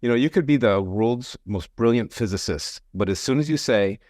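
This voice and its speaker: A man's voice: medium pitch, lively intonation, normal speed, darkish tone, no echo, studio quality. A man hosting a podcast interview, asking curious questions and joking along with his guest. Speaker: podcast host. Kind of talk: conversational interview.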